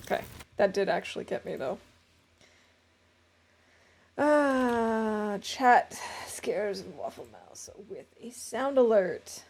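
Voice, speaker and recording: A woman's voice: medium pitch, big pitch swings, measured pace, creaky, darkish tone, breathy edge. A woman streamer giving casual, chatty commentary while playing a game, thinking aloud as she goes.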